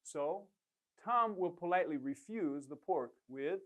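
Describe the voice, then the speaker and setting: Here the Korean teacher's voice is fairly high and a little bright, expressive yet measured in pace. He leads a beginner lesson through encouraging drills, prompting repetition of each phrase and commending each effort.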